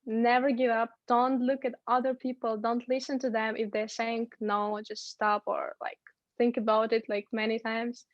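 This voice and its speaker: A woman's voice: on the high side, little pitch movement, moderate pace, no echo, muffled recording. A young woman from Uzbekistan, chatting as a guest from home over a video call, upbeat and giggly with lots of fillers. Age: young adult. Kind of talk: casual video-call chat.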